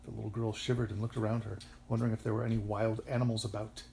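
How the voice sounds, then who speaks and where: A man reading a bedtime story aloud to his daughter, telling it in an expressive, animated way. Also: fairly low pitch, quick pace, vocal fry, slight background noise.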